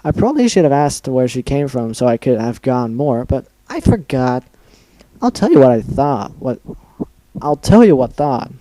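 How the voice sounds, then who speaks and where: A man's voice: medium pitch, big pitch swings, normal speed, mellow, no room sound, natural voice. A man voicing a cheerful, murderous female pink pony, bubbly and sing-song with a sweetly sinister edge. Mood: gloating.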